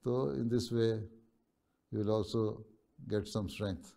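A man as a religious leader answering students' questions over a video call, speaking in a measured, pausing way and often checking in with "right?". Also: on the low side, steady tone, vocal fry, warm tone.

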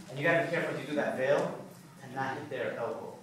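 A man teaching a salsa class, counting steps out loud and talking through each move in a loose, easygoing way. He is picked up from far off by a camera, with a big echo filling the studio. A faint hum of the room sits behind him. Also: medium pitch, quick pace, hardly any pauses. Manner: counts steps aloud while demonstrating, loose and casual. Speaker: salsa dance instructor. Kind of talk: counting beats and explaining moves in a class. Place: dance studio, indoors. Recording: echoey studio from a distant camera.

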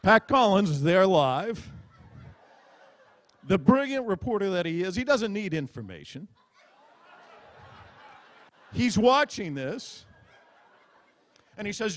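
Man doing stand-up on stage, fairly high voice, theatrical storyteller. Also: slow pace, pauses often. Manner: animated, mock-dramatic storytelling. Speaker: comedian at a press club roast. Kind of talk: stand-up comedy. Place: stage before a live audience.

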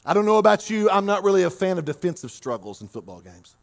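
A man from Oklahoma preaches a sermon as lead pastor, his voice pitched high for a man. He jokes freely and stretches words out for emphasis. He swings from loud bursts to near-murmured asides. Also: gravelly. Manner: animated, joking, swings between loud and quiet, drawn-out emphasis.

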